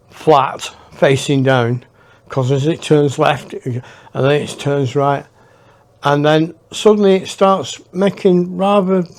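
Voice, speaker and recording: A man telling a personal adventure story in a casual, unhurried way, with pauses and hushed asides. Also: medium pitch. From England. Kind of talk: casual spoken anecdote.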